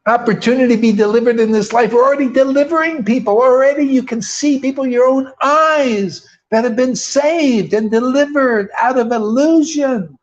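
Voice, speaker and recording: Emphatic high-voiced male preacher. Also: moderate pace, hardly any pauses. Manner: emphatic, colloquial and rhetorical. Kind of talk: sermon. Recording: dull lo-fi recording.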